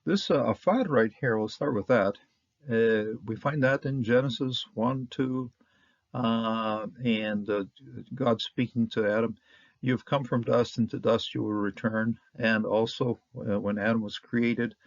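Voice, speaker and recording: A man giving a casual Bible lesson, halting with many fillers and restarts, sounding out Hebrew words slowly. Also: mid-range voice, fairly even intonation, no echo. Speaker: Bible teacher. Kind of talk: casual lecture. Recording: dull, dry, lo-fi sound.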